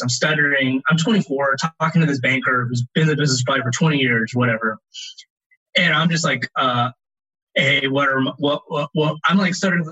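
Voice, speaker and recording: Man, husky bright voice, animated interview guest; dull lo-fi recording. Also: on the high side. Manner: animated, rambling with restarts. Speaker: guest, loan advisor. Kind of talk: casual interview talk.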